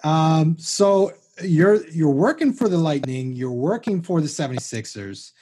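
A young man from outside Washington D.C. hosting a relaxed interview, easygoing and quick to laugh. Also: fairly high pitch, slightly rough. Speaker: podcast host. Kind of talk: conversational interview.

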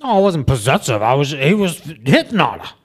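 Male comedy podcast host playing a bumbling wrestler, fairly high, bouncy voice, rambling, constant restarts. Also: very animated, brisk. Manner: rambling, stammering, repeats words. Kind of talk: comedic in-character podcast chat.

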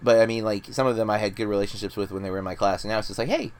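A man's voice: lowish voice, steady tone, racing, clean tone. A man in his thirties, a podcast co-host telling rambling, self-deprecating stories in casual chat.

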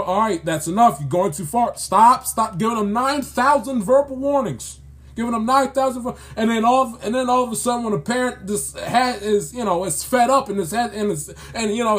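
A man ranting in sports commentary, exasperated and scolding, repeating himself as he builds his point. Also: very high-pitched.

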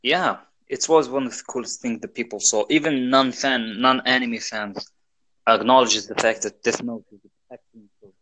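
A man's voice: medium pitch, steady tone, moderate pace, a bit bright, poor audio. A man from Algeria, speaking English as a second language, in a casual chat, hesitant with many fillers. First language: not English. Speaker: conversation partner.

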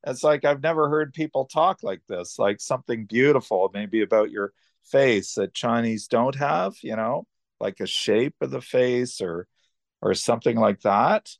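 A man's voice: mid-range voice, a little slow, gravelly, no room sound, clean studio sound. An older man, casually telling rambling personal travel stories as a podcast host, full of restarts and asides. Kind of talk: casual storytelling.

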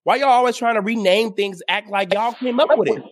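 A man's voice: high voice, a little fast. A man hosting his own show, giving casual opinion commentary in a sarcastic, exasperated way and addressing his audience directly. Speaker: show host.

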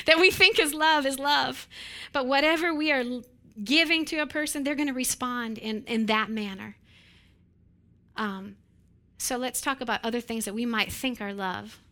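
High, bright woman preaching with laughing asides. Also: moderate pace. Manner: acts out quoted voices with animated, laughing asides. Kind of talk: sermon.

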